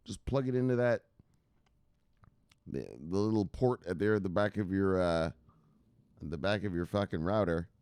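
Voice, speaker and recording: A man hosting a late-night crypto news show, loud and profane, laughing and bursting into shouts. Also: low voice, normal speed, pauses often, smooth, no room sound. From United States. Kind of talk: rowdy profane news commentary. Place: home at night in a city.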